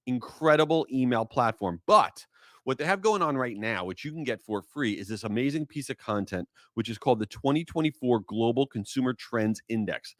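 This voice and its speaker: A man hosting his own podcast, telling stories in an animated, exasperated way between marketing tips and sponsor reads. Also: medium pitch, normal speed, no room sound, studio quality. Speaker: podcast host. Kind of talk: solo podcast monologue.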